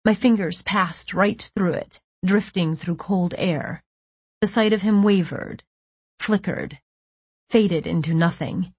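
A woman's voice: fairly low pitch, takes it slowly, a little mellow, breathy edge, dry recording. A woman narrating a first-person story in a tense, breathless storytelling manner on a close studio mic. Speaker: audiobook narrator.

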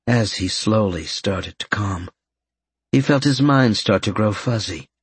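A man narrating an audiobook in a steady, even reading voice. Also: fairly low pitch, a little slow, slightly rough. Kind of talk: scripted narration.

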